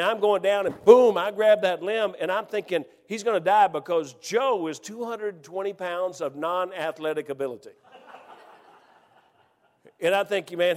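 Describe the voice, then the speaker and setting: Casual: man with a high-ish voice telling a funny story, excitable, lots of echo like a big hall. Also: normal speed. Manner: lively, excitable, laughing through a comic tale. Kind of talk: animated personal anecdote.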